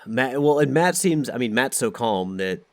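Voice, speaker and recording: A man hosting a podcast, relaxed and teasing in casual chat. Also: mid-range voice, moderate pace, dry recording. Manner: relaxed, loose with fillers, teasing. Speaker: podcast host.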